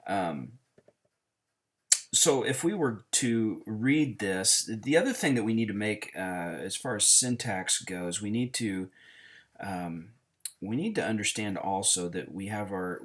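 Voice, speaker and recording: A man teaching a Greek lesson in a casual, halting way, with many fillers and restarts. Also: low-pitched, fairly bright tone.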